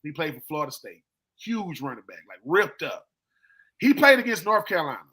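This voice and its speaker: Man, high voice, bright tone, animated emphatic storytelling, casual sports talk. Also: a little fast, husky. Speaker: co-host, former player. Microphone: live stream call.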